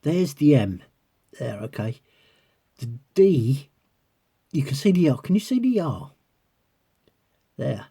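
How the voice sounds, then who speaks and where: With a medium-pitched, gravelly, mellow and slightly rough voice that swings widely in pitch, a man speaks slowly and pauses often. He's a coin collector vlogging for viewers, rambling casually as he looks through a magnifier and giggling repeatedly.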